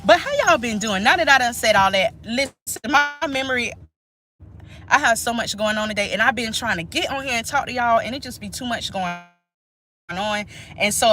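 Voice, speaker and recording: A woman's voice: medium pitch, fairly bright tone, a little hiss or hum. A woman, chatting casually and emphatically to her viewers during a live stream. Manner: chatty, emphatic, talks straight to viewers as "y'all". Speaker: nurse and channel host.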